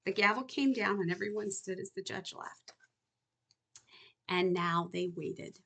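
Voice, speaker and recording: A woman reads her own novel aloud in an earnest, unhurried audiobook narration. Her voice sits at an ordinary pitch, with a noticeably gravelly texture. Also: a bit bright. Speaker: author reading her novel.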